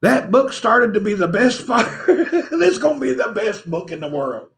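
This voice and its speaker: A man's voice: sits high, very animated, moderate pace, vocal fry, a bit bright. A man hosting a livestream, rambling playfully and teasing his viewers, laughing often. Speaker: livestream host. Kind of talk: rambling joking livestream chat.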